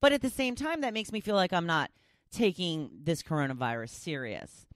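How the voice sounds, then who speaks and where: A woman's voice: fairly low pitch, sing-song, moderate pace, no echo, clean studio sound. A woman hosting a daily talk podcast, chatting casually and poking fun at herself. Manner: chatty, self-deprecating, rambling with restarts. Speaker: talk show host.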